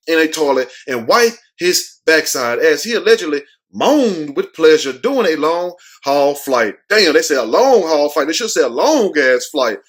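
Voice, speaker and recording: A man's voice: fairly high pitch, a bit bright. A man giving brash, profane, joking commentary on a news story as the host of his own show.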